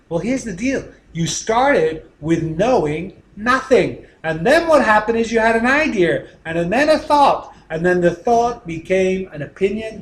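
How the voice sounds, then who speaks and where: A man giving a motivational teaching talk, emphatic, often dropping to a quiet voice for effect. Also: high voice, roomy sound, a little hiss or hum. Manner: emphatic, with dramatic drops to a quiet voice. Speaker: speaker teaching a session.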